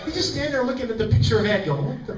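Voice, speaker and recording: A man telling jokey, animated stories to a live audience as a convention panel guest, acting out quotes as he goes. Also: very high-pitched, rapid-fire. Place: large convention hall. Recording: roomy far-off fan recording, crowd noise. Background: audience laughter and hall ambience.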